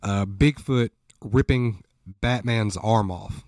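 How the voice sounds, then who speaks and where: A man hosting a casual interview, chatty and animated, telling stories with bursts of excitement. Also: slow, dry recording, studio quality. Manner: animated storyteller, jumps high when excited. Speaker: host.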